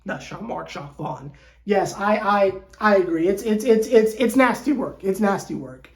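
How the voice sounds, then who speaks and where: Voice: medium pitch, expressive, normal speed. A channel host giving a casual fan commentary rant to camera, joking and slangy, tripping into repeated words and restarts. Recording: roomy echo.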